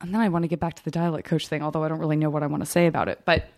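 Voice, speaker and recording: Low-voiced woman musing aloud. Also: level tone, racing. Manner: thoughtful, musing, searching for words. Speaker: podcast host. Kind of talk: casual chat.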